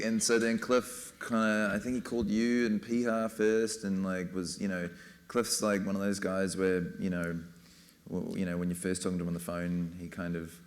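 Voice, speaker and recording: Low-voiced kiwi guy rambling on a panel, lots of you know and like. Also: slight background noise. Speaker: film director, panel guest. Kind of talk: casual panel talk.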